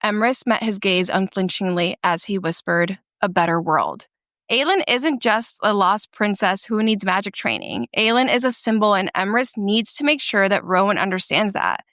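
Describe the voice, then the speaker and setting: Young woman cohost, emphatic and a bit sweary, mid pitch, dry sound. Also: animated, normal speed, few pauses, a bit bright, no echo. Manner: emphatic, swears casually, emotional about scenes. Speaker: podcast co-host. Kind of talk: book recap podcast, casual chat.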